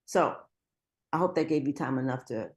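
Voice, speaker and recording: A woman's voice: extremely low pitch, lively intonation, moderate pace, a little hiss or hum. A woman speaking as a guest on a live show, encouraging and reassuring the callers. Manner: warm, reassuring, affirming.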